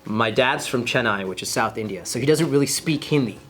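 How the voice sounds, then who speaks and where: A man's voice: mid-range voice, brisk, a bit bright. A man in his thirties with an American accent, chatting as a podcast guest and acting out other people's voices as he tells stories. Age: 30s. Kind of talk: casual chat.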